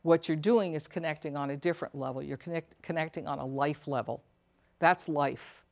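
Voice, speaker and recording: Middle-aged woman, low voice, earnest and reflective therapist addressing caregivers, checks in with the audience. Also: normal speed, gravelly. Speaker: psychotherapist and elder care coach. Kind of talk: talk to a caregivers' support audience.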